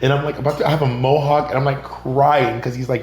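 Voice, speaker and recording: The speaker is a man from Georgia, USA, a comedian and drag performer on a podcast, animatedly telling stories and acting out others' dialogue in a casual interview. His mid-range, darkish voice keeps a steady tone and fairly quick pace with few pauses, caught with roomy echo and a faint hum.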